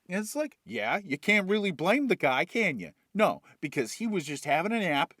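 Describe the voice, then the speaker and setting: A man retelling a movie plot as comedy, animated and full of swearing, jumping in and out of voices. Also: high-pitched, moderate pace, few pauses, dry recording, studio quality. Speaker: comedic storyteller.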